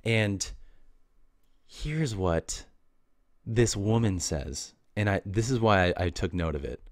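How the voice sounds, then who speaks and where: Low-voiced man rambling with lively pitch. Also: takes it slowly, no echo, studio quality. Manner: laughs often at his own stories; loose, slangy and meandering, with many fillers. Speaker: podcast host. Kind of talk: casual rambling monologue.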